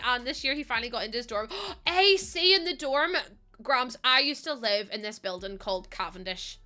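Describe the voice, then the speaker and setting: A woman's voice: mid-range voice, sharp tone. A young woman chatting casually to her live chat as a streamer, laughing often and filling with "like". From United Kingdom.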